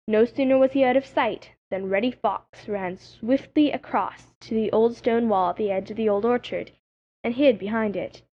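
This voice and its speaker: Woman reading a children's story. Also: mid-range voice. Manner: expressive storytelling. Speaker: audiobook narrator. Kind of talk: scripted narration of a children's story. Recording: dull lo-fi audiobook recording.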